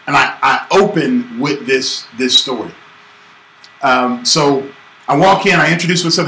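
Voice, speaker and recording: A business coach from Georgia in the United States teaches business skills in a casual, animated manner, acting out voices as he tells a story. His voice is medium in pitch with a measured pace. The room is echoey with faint ambience.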